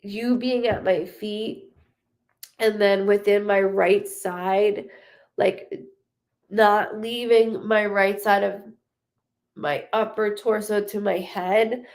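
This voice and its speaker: A woman's voice: medium pitch, fairly even intonation, takes it slowly, a little mellow. A woman medium doing a live reading, talking in an emotional, rambling way with many fillers as she relays spirit messages. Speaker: psychic medium.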